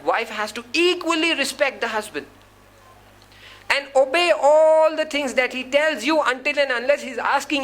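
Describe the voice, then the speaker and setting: A man's voice: extremely high pitch, pushed and bright, low-quality recording. A man preaching a sermon to a gathering, earnest and admonishing. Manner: earnest, admonishing, acts out quoted people. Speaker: Islamic preacher. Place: gathering hall.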